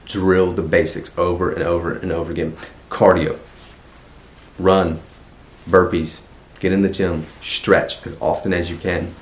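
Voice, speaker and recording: A young man with a drawl talks in a very low, deep voice, earnest and encouraging, often repeating himself for emphasis. The sound is roomy and echoey, as if he is filming in a bare room. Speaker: jiu-jitsu student giving advice. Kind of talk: casual advice vlog.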